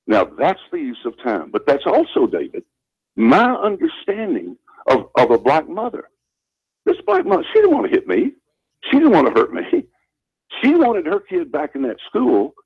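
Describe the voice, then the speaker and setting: Husky older Southern man on talk radio. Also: medium pitch, no room sound. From Southern United States. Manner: earnest, emphatic, repeats phrases for stress. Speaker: radio show guest, former school principal. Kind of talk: storytelling on a talk radio show. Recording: muffled lo-fi radio broadcast.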